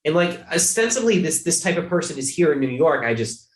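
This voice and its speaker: A man's voice: a little high, sing-song, brisk, roomy sound. A man from Ohio, a podcast guest chatting casually, rambling with many fillers and restarts. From Ohio, USA.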